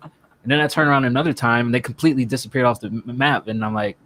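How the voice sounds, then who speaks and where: Speaking at a quick pace in a mid-range voice, this podcast co-host chats casually about a co-op game session. He tells it with animation, acts out the quotes and curses a lot.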